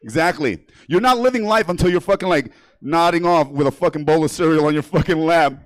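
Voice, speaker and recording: A man's voice: on the high side, lively intonation, fairly quick, dry recording. Brash, profane New comedian man. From New York. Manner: brash, profane, laughing at his own jokes. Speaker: stand-up comedian. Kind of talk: stand-up comedy set. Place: comedy theater stage.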